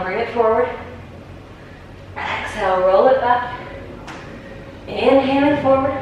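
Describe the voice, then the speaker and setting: A woman teaching a yoga class, calmly cueing each breath and pose step by step, a little out of breath. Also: medium pitch, heavy reverb, distant mic, slight background noise, low-quality recording. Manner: calm, encouraging step-by-step cueing. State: slightly out of breath. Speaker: yoga instructor. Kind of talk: guided yoga class cues.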